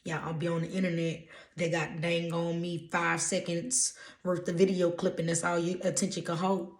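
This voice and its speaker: This Louisiana woman, an intuitive energy reader, delivers motivational channeled messages in her vlog with a Louisiana accent. Her voice sits on the low side with little pitch movement, normal speed, and a reverberant sound. She's emphatic and preachy, blunt, and swears casually.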